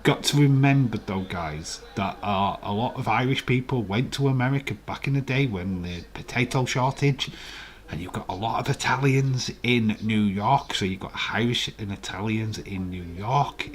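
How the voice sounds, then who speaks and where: A man with a Yorkshire accent, hosting a live watch-along stream and chatting casually, teasing viewers in the chat. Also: lowish voice. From England.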